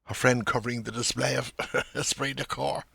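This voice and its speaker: A man speaks the inner thoughts of a distracted man in a novel, murmured in short, clipped phrases. The voice is gravelly and husky. It sounds close and dry. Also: medium pitch, steady tone, normal speed, sharp tone, no echo, voice pushed up, full character voice. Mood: wistful.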